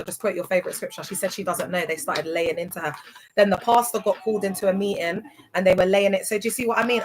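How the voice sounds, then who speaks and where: A young woman talks straight to her livestream audience in a casual, emphatic way. She keeps asking whether listeners follow her, and her voice sits at an ordinary middle pitch for a woman. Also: fairly bright tone, rough recording. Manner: chatty, emphatic, keeps asking "do you get it?". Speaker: livestream host.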